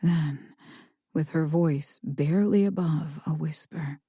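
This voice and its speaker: A woman narrating a first-person thriller audiobook in a slow, tense storytelling manner. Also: low-pitched, dark tone, breathy edge, no echo, studio quality.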